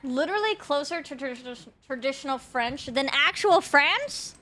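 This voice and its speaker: A woman's voice: high voice, lively intonation, normal speed, bright, forceful tone. Young woman game streamer, swearing and rambling. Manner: rambling, swears often, laughs a lot. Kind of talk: casual live-stream chatter with chat.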